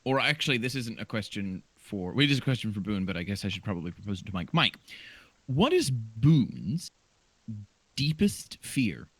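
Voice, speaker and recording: A man's voice: lowish voice, fast, few pauses, sharp tone, no room sound. A man acting as game master, calling turns and bantering in a wry, distracted way. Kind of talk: running a tabletop game over voice chat.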